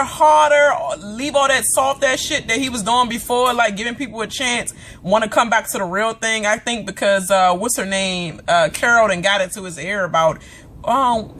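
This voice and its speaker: A woman vlogger with a fairly high, a bit bright voice gives a casual, dramatic reaction rant about a TV episode. She swears freely, acts out the characters, and chats with many fillers and asides.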